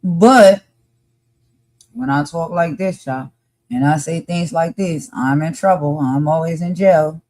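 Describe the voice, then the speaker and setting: A woman's voice: deep voice, slow, darkish tone. Impassioned woman podcast co-host. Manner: passionate, emphatic, repeats points for force. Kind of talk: impassioned live discussion.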